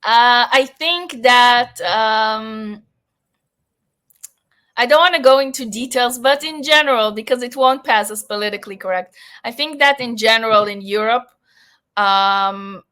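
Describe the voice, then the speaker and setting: A young woman with a faint Israeli accent talks in a relaxed podcast interview. Her voice sits a little high and bright, and she speaks plainly and frankly. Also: a little slow, smooth. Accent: light Israeli. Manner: frank, matter-of-fact. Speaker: podcast guest.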